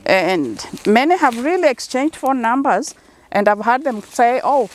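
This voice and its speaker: A woman's voice: fairly high pitch, animated, unhurried, a little hiss or hum. A middle-aged woman with a Kenyan accent, a corn farmer answering interview questions in an earnest, encouraging, storytelling way. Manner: earnest and encouraging, telling stories.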